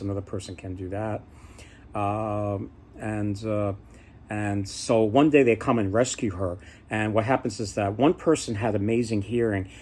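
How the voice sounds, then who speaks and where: A man's voice: on the low side, darkish tone. Man rambling through a folk tale. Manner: rambling, many fillers and restarts. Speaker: storyteller. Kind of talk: casual spoken retelling of folk tales.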